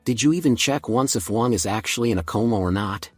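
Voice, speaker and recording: A man voicing an arrogant, calm teenage boy who talks bluntly, in a comic recap. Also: lowish voice, fast talker, breathy edge, no echo, soft background music. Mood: smug. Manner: blunt and smug.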